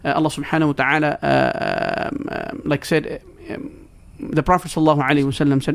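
Fast-talking man explaining scripture. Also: fairly high pitch, flat delivery, creaky. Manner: earnest, broken English with quoted Arabic recitation. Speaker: guest religious scholar. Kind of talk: explaining in conversation.

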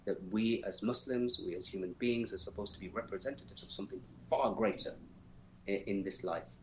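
A man's voice: fairly low pitch, a little fast, a little mellow. An earnest man gives reflective interview answers, pressing his points with emphasis and frequent restarts. His voice carries a roomy echo, with a faint hum behind it. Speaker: interview guest, former detainee.

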